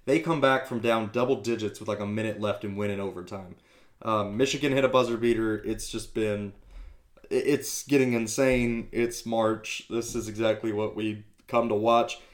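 A man hosting a casual sports podcast, talking loosely with quick asides and casual swearing. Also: lowish voice, steady tone. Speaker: podcast host.

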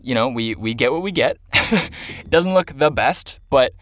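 A man's voice: mid-range voice, lively intonation, measured pace, a bit bright. A young man, a commercial director, telling a story casually and animatedly, acting out the people he quotes and laughing at himself.

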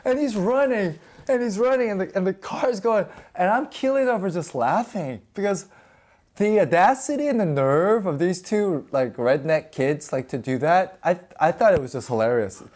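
A man's voice: high voice, animated, moderate pace, a little mellow. A middle-aged man being interviewed, telling stories casually and animatedly, acting out voices and laughing often. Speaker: guest.

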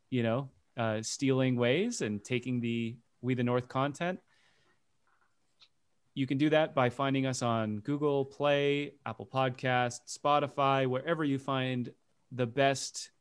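A man hosting a casual soccer podcast with friends, unhurried and self-deprecating. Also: medium pitch, smooth. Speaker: podcast host.

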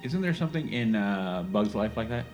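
A man's voice: lowish voice, lively intonation, moderate pace, darkish tone, soft background music. A man on a podcast, chatting casually in an easygoing way while making unsure guesses in a game.

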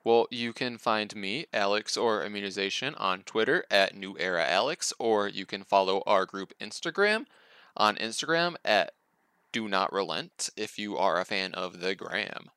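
A man's voice: lowish voice, expressive, normal speed, bright, forceful tone, smooth, no room sound. A man co-hosting a podcast who tells a story in a rambling way, full of "like". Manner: rambling, with many "like" fillers. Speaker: podcast co-host. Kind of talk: casual storytelling chat.

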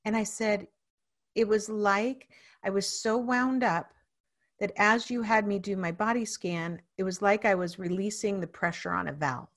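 Animated woman telling a personal story. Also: medium pitch, moderate pace. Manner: animated storyteller, acts out quoted speech. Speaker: guest. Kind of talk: casual conversation.

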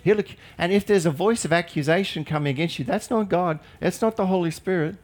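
A man's voice: high-pitched, fast talker. A male pastor preaching a sermon in an earnest, emphatic way with light humorous asides.

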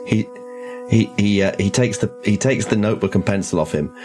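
A man narrating as game master of a tabletop horror game, often halting and restarting. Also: lowish voice, music in the background.

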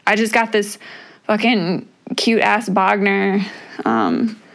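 A woman's voice: medium pitch, big pitch swings, slow, gravelly, fairly bright tone. A middle-aged woman hosting a podcast on her own, talking in a casual, chatty way that is full of swearing and "like" fillers. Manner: chatty and profane, many "like" fillers. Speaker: podcast host. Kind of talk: casual solo podcast chat.

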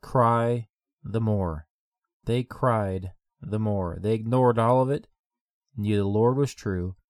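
Low-voiced man preaching a sermon. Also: measured pace, darkish tone, dry recording, clean studio sound. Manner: repetitive, rhythmic preaching cadence.

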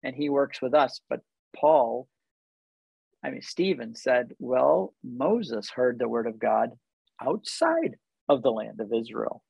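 An older man explaining Bible stories in casual conversation, animated and full of rhetorical questions. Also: mid-range voice, slow, creaky, breathy edge, no room sound, highs cut off. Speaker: guest.

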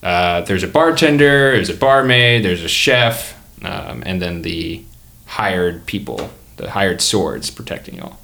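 A man's voice: low-pitched, lively intonation, unhurried, a bit bright. A man narrating as game master in a tabletop game, casual and rambling.

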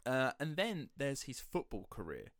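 A man's voice: medium pitch, wildly swooping pitch, moderate pace, a bit bright, no room sound. A man hosts a podcast in a loose, sceptical storytelling style. His voice sits in a middle register. The sound is dry and close to the mic. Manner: chatty, sceptical, slips into quoted voices. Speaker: podcast host. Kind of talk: casual storytelling chat.

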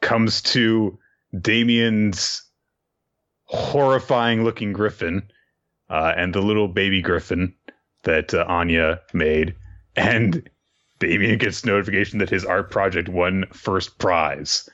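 A man's voice: deep voice, takes it slowly, fairly bright tone, lo-fi sound. A man casually recapping a manga story in a loose, rambling way, with lots of fillers and crude asides. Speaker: podcast host recapping a manga.

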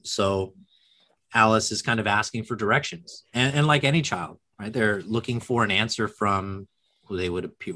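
A man's voice: low voice, bright, forceful tone. A man who teaches, talking earnestly and reflectively as a guest in a podcast conversation. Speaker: guest educator.

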